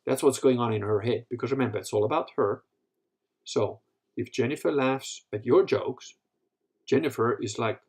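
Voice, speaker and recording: Husky man ranting crudely on a stream. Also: mid-range voice, normal speed. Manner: crude, rambling, animated storytelling with profanity. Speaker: host answering live questions. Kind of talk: live Q&A talk.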